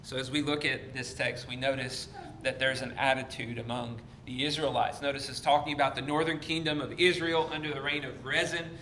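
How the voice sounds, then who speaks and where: A man's voice: mid-range voice, fairly even intonation, fairly quick, bright, forceful tone. A man teaching an evening Bible study in a conversational way, with many fillers and restarts. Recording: echoey room with faint noise.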